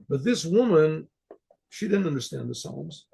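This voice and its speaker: A rabbi telling a story in a conversational sermon, often clearing his throat and restarting his sentences. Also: fairly high pitch, lively intonation, unhurried, mellow.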